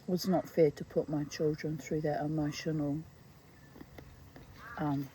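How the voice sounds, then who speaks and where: A middle-aged woman reading aloud from her own memoir, reflective and halting, with frequent asides. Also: low-pitched, little pitch movement, warm tone, a little hiss or hum, rough recording. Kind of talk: personal storytelling read aloud.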